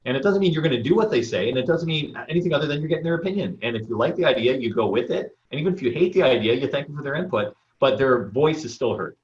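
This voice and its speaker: Man, mid-pitched, builds on others' points, roomy and dull recording. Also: lively intonation, fast, few pauses. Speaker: panelist. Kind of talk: casual panel discussion on a video call.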